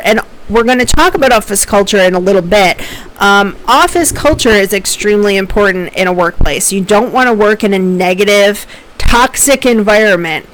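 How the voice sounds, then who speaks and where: A woman's voice: medium pitch, poor audio. A woman professor giving a recorded lecture in a conversational way, with fillers and small laughs.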